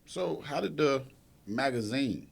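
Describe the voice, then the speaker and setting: A man hosting a studio interview, asking short, relaxed questions while sitting away from the microphone. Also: mid-range voice, measured pace, creaky, breathy edge. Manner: brief, relaxed reactions and questions. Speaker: interview host.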